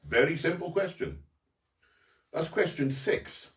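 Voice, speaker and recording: A man hosts a homemade quiz, reading each question slowly and then repeating it. His voice is high and swoops around a lot, and he sits back from the microphone in an echoey room. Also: huge pitch swings. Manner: slow, deliberate reading, repeating each question and mimicking local accents. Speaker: quiz host. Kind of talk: home lockdown quiz, reading questions aloud. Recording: roomy, distant from mic.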